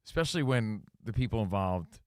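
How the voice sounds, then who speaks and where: Animated, joking sports radio man. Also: on the low side, dry recording, clean studio sound. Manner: joking, quick to riff. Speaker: co-host of a sports talk show. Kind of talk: casual sports radio banter.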